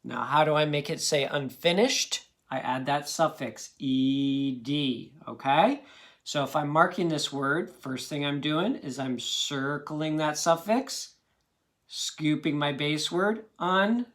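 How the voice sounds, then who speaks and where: Slow, patient male phonics teacher. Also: a little high, fairly bright tone. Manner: patient, encouraging, checks in with frequent okays. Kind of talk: phonics lesson.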